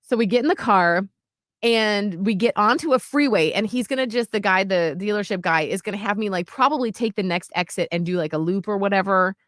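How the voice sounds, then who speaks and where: A woman co-hosting a radio show, telling a story in lively casual chat. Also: medium pitch, fairly quick, dry recording, studio quality. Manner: animated storytelling, acts out quotes.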